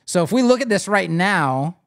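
His voice sits high and his speed is normal as this man hosts a live web design stream. Clicking through a site builder, he explains in a casual, animated way and talks directly to viewers during the screen-share tutorial.

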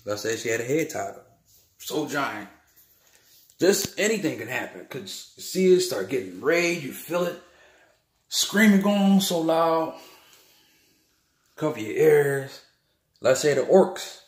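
A man, speaking a little higher than most men. His voice rings around an echoey room. He rants in a repetitive, worked-up way. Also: big pitch swings, unhurried, long pauses. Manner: heated, repetitive, keeps saying "man" and "bull crap". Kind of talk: rambling spiritual monologue.

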